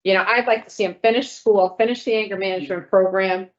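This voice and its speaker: A woman of middle pitch chairs a parole hearing, talking cases through with colleagues and reading formal motions in a matter-of-fact tone. The recording is dull and lo-fi. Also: steady tone, quick pace. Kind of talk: official hearing deliberation.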